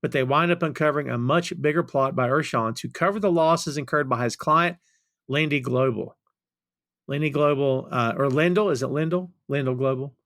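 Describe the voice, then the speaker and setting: A man's voice: medium pitch, moderate pace, no echo. Podcast host guy, casual chat, laughs a lot, dry close mic. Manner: animated, laughing, retelling movie scenes.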